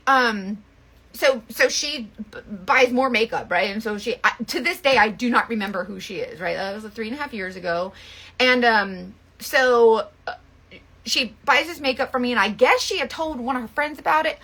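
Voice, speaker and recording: A woman chats her way through a long, rambling story, with plenty of fillers and restarts. Her voice sits a touch high and sounds bright and sharp. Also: moderate pace. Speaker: makeup seller and vlogger. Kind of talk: casual storytelling chat.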